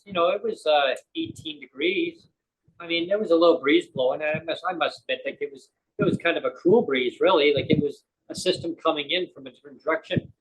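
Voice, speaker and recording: A man's voice: a little high, breathy edge, low-quality recording. A man hosting a show, chatting casually and jokingly, rambling with many fillers and restarts. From Canada. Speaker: podcast host. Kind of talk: casual chat.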